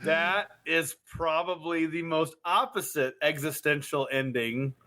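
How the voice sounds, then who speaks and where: A man's voice: a little high, steady tone, a little slow, pushed and bright. A man co-hosting a podcast in casual chat, joking and playful. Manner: jokey, playful, laughs often. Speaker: podcast co-host.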